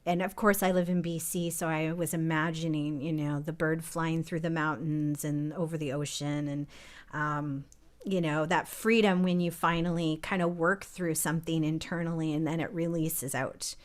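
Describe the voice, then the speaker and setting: In a casual live-streamed chat, a woman composer who is also a co-artistic director reflects on how she wrote a song. Her voice sits low, with fairly even intonation, at a normal speed.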